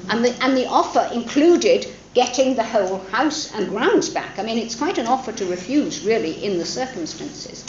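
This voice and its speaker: Woman lecturer, thoughtful, fillers and restarts, lively intonation, roomy dull recording. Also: fairly high pitch, a little hiss or hum. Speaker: literature lecturer.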